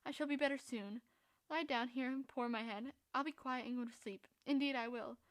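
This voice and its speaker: A woman reading a gentle, pleading young sister. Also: sits high, steady tone, moderate pace, natural voice. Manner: soft, pleading.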